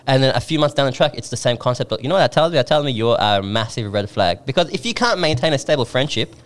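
A young man co-hosting a podcast in casual chat, animated and quick to laugh. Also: mid-range voice. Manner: animated, laughs often, mimics voices. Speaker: podcast co-host.

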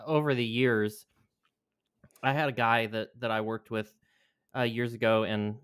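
A man's voice: mid-range voice, steady tone, a little slow, fairly bright tone, clear, resonant tone, no echo, studio quality. A man telling a rambling, profane story in a casual chat.

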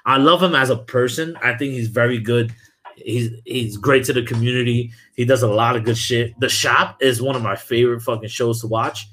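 Profane, bright-voiced New man. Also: mid-range voice, fairly even intonation, normal speed. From Brooklyn, New York. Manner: heated, profane sports rant. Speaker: podcast host. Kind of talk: casual podcast chat.

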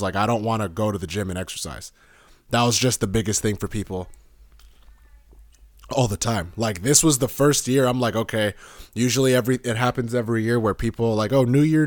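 A young man hosting a podcast, chatting casually in a rambling, profane, animated way and laughing often. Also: on the low side, no room sound. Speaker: podcast host.

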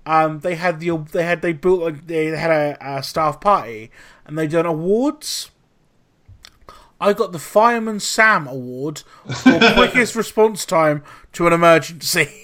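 A man's voice: fairly high pitch, a little slow. A man hosting a podcast, telling a story in casual chat with lots of swearing. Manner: animated storytelling, heavy swearing. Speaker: podcast host.

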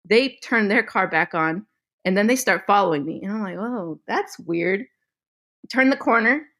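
A young woman podcast host telling a story in a casual chat, animated and laughing often, with some swearing. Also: medium pitch, normal speed. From Midwestern United States.

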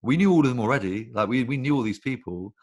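A man's voice: mid-range voice, animated, fast talker, darkish tone. A man, a guest on a video call interview, talking casually in long rambling stories and swearing freely. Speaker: guest, recruitment business founder.

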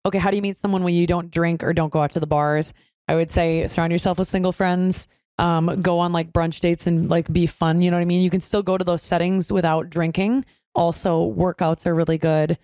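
A woman's voice: on the low side, steady tone, brisk, a little mellow, no room sound, clean studio sound. A young woman co-hosting a casual podcast chat, blunt and swearing freely as she runs through dating advice, with the hiccups. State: has hiccups. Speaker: podcast co-host.

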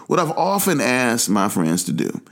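A man's voice: medium pitch, big pitch swings, moderate pace, creaky, fairly bright tone. A man from Atlanta, hosting a talk show and delivering a passionate, emphatic commentary monologue. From Atlanta, USA. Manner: passionate, emphatic, preachy asides. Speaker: podcast host.

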